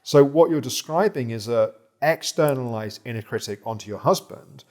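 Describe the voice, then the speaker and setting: A man guiding a therapy client, calm and reflective, explaining ideas with small restarts. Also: mid-range voice, normal speed. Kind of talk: therapy session guidance.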